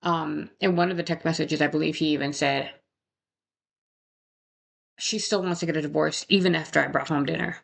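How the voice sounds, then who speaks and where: A woman recounts a true crime case in a loose, chatty way, pausing to ask "right?" and adding indignant comments. Her voice sits low and has a gravelly fry running through it. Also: steady tone. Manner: conversational, frequent "right?" tags, indignant asides. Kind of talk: casual true crime narration.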